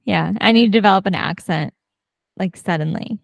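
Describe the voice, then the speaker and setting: A woman's voice: mid-range voice, normal speed, vocal fry, dry recording. A woman co-hosting a podcast, chatting casually and laughing often. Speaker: podcast co-host. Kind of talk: casual chat.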